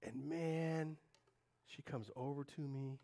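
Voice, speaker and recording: A male pastor giving a conversational sermon to a congregation, swinging between loud, animated stretches and quiet, confiding ones. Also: mid-range voice, slow pace, gravelly.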